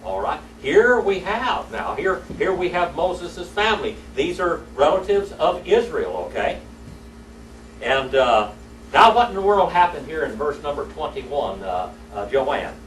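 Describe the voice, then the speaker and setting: A man's voice: fairly high pitch, sing-song, measured pace, a bit bright, slight background noise. A man teaching a church Sunday School class, telling folksy stories and quizzing his students. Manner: folksy storytelling, asks the class questions. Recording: echoey room, mic far off.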